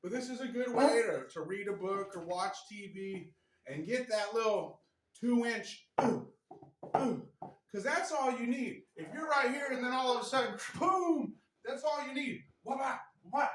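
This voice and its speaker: A man's voice: extremely high pitch, expressive, unhurried, a little hiss or hum. A man casually demonstrating stretches to a camera, chatty and a bit strained from the effort, tagging lines with "right?". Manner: chatty, repeats "right?" often. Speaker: martial arts instructor. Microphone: camera mic. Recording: echoey room.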